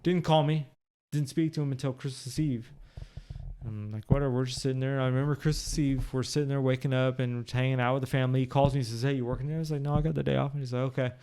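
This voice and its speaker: Sitting in his home's living room, a man tells a personal story as a podcast guest, candid and conversational. His medium-pitched voice is steady, warm and clean, moving at a quick pace while he rambles bluntly with swearing and plenty of fillers.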